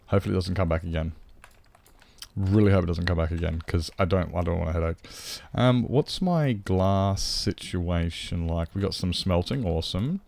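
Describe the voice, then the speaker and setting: A man's voice: low-pitched, moderate pace, gravelly, a little mellow. A man streaming a game, chatting casually and rambling, swearing freely, into a desk microphone. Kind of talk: casual live-stream chat.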